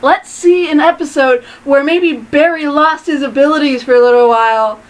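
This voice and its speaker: A woman with a high voice talking things through in a casual chat. She is opinionated and chatty and circles her points with plenty of hedging. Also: moderate pace, low-quality recording. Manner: chatty, opinionated, trails off into hedges. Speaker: co-host.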